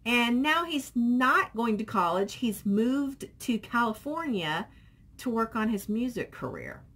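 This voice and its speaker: A woman's voice: on the high side, very animated, measured pace, fairly bright tone, slightly rough. A middle-aged woman vlogging casually, rambling and reading viewer comments aloud. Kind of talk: casual chat.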